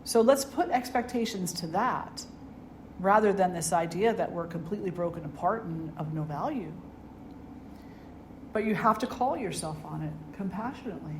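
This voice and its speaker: A middle-aged woman, a spiritual teacher, giving an earnest dharma talk and telling stories with gentle humor. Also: on the low side. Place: ashram hall. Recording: echoey room with faint noise.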